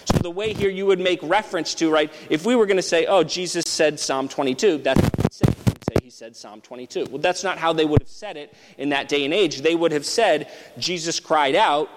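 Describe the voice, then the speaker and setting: A man's voice: a little high, fairly quick, few pauses, in a large hall, noisy background. A man preaching an expository sermon, explaining step by step in a thoughtful way, with frequent restarts.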